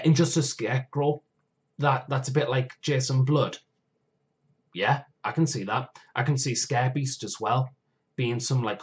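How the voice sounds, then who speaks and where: A man with a mid-range voice hosts a live stream, eagerly and enthusiastically listing his wishes. He rambles and digresses casually, often losing his thread and correcting himself.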